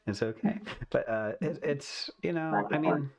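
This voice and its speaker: A man's voice: fairly high pitch, animated, a little slow, a loud crowd. A man hosting a casual livestream chat, rambling loosely and laughing often. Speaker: host.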